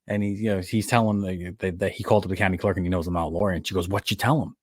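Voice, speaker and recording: A man with a lowish voice co-hosts a casual movie podcast, retelling film scenes with lively, amused energy. The sound is dry and close, with no room around him. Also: racing, dry recording. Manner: animated storyteller, laughs at his own retellings. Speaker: podcast co-host. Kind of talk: casual film review chat.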